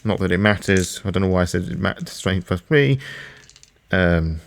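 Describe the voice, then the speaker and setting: A man's voice: low voice, moderate pace, creaky, a little hiss or hum. A British man running and playing a tabletop role-playing game alone, thinking aloud over dice rolls with frequent restarts. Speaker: solo game master and player. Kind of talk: solo tabletop actual play narration.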